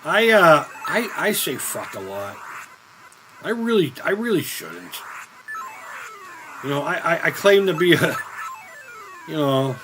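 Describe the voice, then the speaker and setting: A man's voice: a little high, big pitch swings, takes it slowly, pauses often, poor audio. A middle-aged man, chatting casually on a live stream while gaming, rambling and swearing often at the game. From Boston area. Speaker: streamer playing retro games. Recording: music playing behind the voice.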